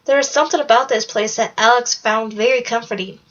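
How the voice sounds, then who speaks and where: A woman narrating a children's fantasy book aloud in a steady, plain storytelling read. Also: on the high side, brisk. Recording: dull lo-fi recording.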